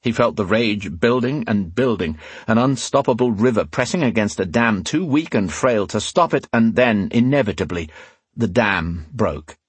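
A man narrating a fantasy audiobook in a measured, dramatic reading style. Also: on the low side, animated, slightly rough, no echo.

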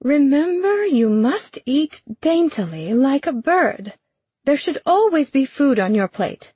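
A woman's voice: high-pitched, big pitch swings, takes it slowly, mellow, no echo, voice pushed up, heavily acted. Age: older. Figure: a woman voicing a stern older noblewoman lecturing on manners, prim and scolding.

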